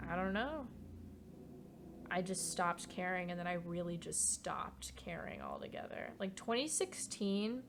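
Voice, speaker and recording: A young woman streamer chatting casually while she paints, rambling and candid, swearing now and then. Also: medium pitch.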